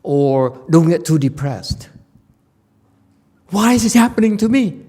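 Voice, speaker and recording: Male Buddhist teacher, high, animated voice, slow delivery, blunt and playful in lecture. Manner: blunt, teasing, acts out students' whining voices. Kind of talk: dharma lecture. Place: temple lecture hall.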